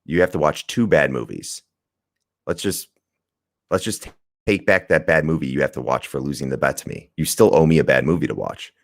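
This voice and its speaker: A man's voice: a bass voice, a little fast, vocal fry, dry recording, studio quality. A man co-hosting a podcast, chatting casually and rambling through a movie review, laughing and swearing as he goes. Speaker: podcast co-host.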